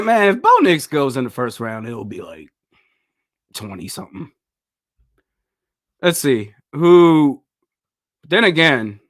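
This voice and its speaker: Animated man laughing through a livestream. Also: mid-range voice. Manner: bursts of laughter, incredulous and exclaiming. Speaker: livestream host. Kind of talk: casual livestream reaction.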